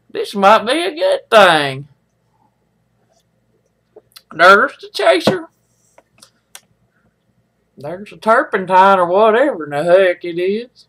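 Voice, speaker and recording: Middle-aged woman, folksy rambling livestream chat, unhurried drawl. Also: medium pitch, very animated, a bit bright. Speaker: livestream host. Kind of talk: casual chat with live viewers.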